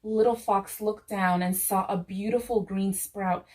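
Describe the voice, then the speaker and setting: A woman reading a children's story aloud in church, gentle and expressive, returning to a soothing refrain. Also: medium pitch, a little slow, poor audio.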